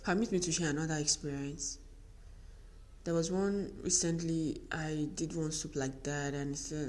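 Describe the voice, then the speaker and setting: A woman's voice: low-pitched, moderate pace. A middle-aged woman with a Nigerian accent gives a motivational talk to women as a podcast host, telling stories and acting out bits of dialogue. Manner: animated storytelling, acting out dialogue.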